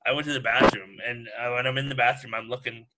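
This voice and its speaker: A man's voice: medium pitch, flat delivery, quick pace, very noisy. A man in casual chat, telling a story in a matter-of-fact way with some swearing.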